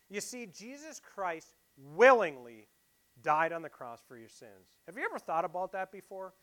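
Bright-voiced man preaching a sermon. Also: very animated, moderate pace. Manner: swings from loud emphatic lines to quiet, low asides; asks the congregation rhetorical questions.

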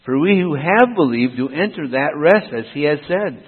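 A man's voice: on the high side, lively intonation, moderate pace, husky. Preaching man in an echoing hall. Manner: emphatic, rhythmic contrasts, asks and answers himself. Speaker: pastor. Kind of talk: sermon. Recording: tinny phone-like sound with long hall reverb.

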